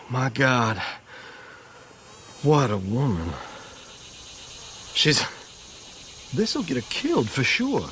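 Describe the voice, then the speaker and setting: A man's voice: mid-range voice, huge pitch swings, very slow, long pauses, fairly bright tone, a little hiss or hum, exaggerated voice. An actor playing an earnest, fretful young man in love who pleads for help in a video game cutscene. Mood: anxious.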